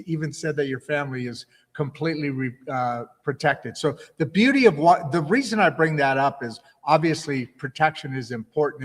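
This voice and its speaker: Male interview host, talkative and rambling, a bit high-pitched, voice trailing into a long reverb. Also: a bit bright. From United States. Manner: chatty, stumbling restarts. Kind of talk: livestream interview.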